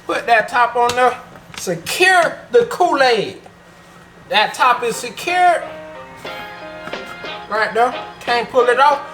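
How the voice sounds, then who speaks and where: A man's voice: very high voice, big pitch swings, takes it slowly, pauses often, sharp tone, faint music behind. A man making a casual, playful how-to vlog in his home kitchen, joking as he goes. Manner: playful, joking, laid-back. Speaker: vlogger. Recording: echoey room with faint background noise.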